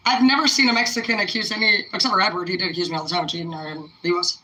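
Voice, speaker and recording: A woman's voice: medium pitch, steady tone, racing, few pauses, pushed and bright. A young woman telling rambling, profane personal stories in a casual, laid-back way. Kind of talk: casual storytelling. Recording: roomy echo, mic at a distance, faint noise.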